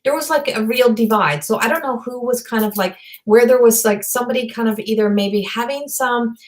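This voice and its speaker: On a webcam or video call, a woman works as a psychic medium doing a live online reading. Her speech is halting and rambling, packed with fillers and restarts, and she relays messages directly and earnestly. Her pitch is a little high.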